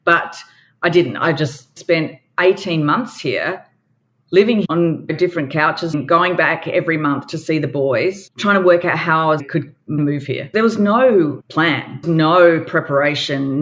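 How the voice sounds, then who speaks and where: A woman's voice: deep voice, measured pace, fairly bright tone. An Australian woman in her forties, a guest entrepreneur telling her story in a candid, emphatic way and acting out quoted dialogue.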